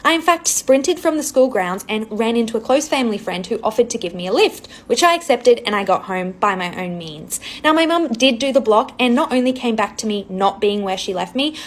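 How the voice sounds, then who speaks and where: A woman's voice: a little high, expressive, a little fast, hardly any pauses. A young woman telling a dry, self-mocking storytime about her childhood. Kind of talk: casual storytime.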